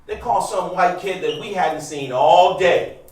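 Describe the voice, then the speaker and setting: Unhurried, with a high voice and a darkish tone, an American man in his fifties narrates something from his own life at a live event in a large room. He talks to the audience directly, conversationally and emphatically. The recording is from an echoey hall, and his voice comes across from a distance.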